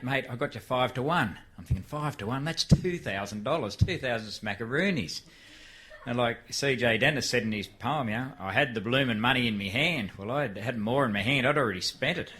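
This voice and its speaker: An older Australian man telling a live story to an audience in a folksy, easygoing way. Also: medium pitch. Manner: folksy, shifts into a frantic shouted race call. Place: live venue before an audience.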